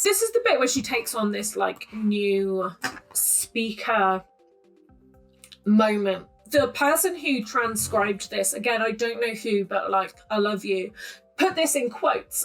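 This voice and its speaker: Chatty woman with a bright voice. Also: on the high side, rough recording. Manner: chatty and opinionated, with frequent ums. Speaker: poetry analysis channel host. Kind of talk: casual close-reading commentary. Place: at home in front of her camera.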